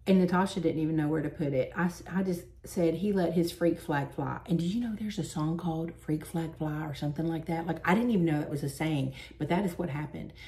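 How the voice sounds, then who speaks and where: A woman, chatting and laughing as she tells stories while doing her makeup. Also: sits low. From Southern United States. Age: 40s. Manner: chatty, animated, quick to laugh. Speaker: beauty vlogger.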